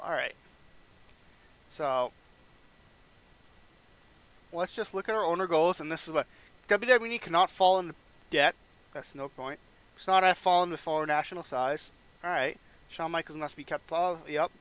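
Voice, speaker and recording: A man's voice: fairly high pitch, moderate pace, long pauses, bright, forceful tone. A young man casually narrating a wrestling management game playthrough, rambling and acting out characters' lines. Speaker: gaming channel host.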